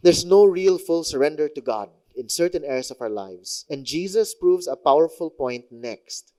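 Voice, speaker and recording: Man, Filipino accent, sermon, high voice, lively swooping delivery. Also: normal speed. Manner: animated, conversational, mixes in local phrases. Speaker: pastor.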